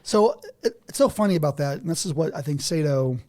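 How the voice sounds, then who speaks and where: Animated, laughing man telling stories. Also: on the high side, a little fast. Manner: animated storytelling, often laughing mid-sentence. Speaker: podcast guest. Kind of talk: casual conversation. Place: a house.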